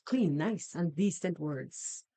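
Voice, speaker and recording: A woman's voice: sits low, lively intonation, takes it slowly, warm tone. A Jamaican woman hosting a podcast, giving sarcastic, scolding reaction commentary on a video and slipping into patois. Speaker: podcast host.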